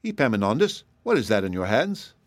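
A man voicing an exasperated mother who scolds her son loudly and emphatically in a storybook reading. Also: fairly low pitch, very animated, brisk, no echo. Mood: scolding.

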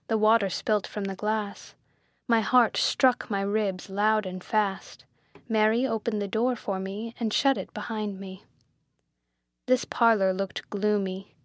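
Slow, measured woman reading an audiobook. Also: mid-range voice, no room sound, studio quality. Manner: measured, gently expressive first-person reading. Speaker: narrator. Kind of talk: scripted audiobook narration.

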